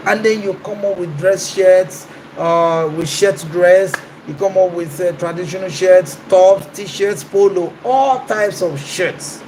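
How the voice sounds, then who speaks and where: High-voiced man coaching. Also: slow pace, few pauses, darkish tone, a little hiss or hum, low-quality recording. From Nigeria. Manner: emphatic, asks and answers his own questions. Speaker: business coach. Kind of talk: coaching talk.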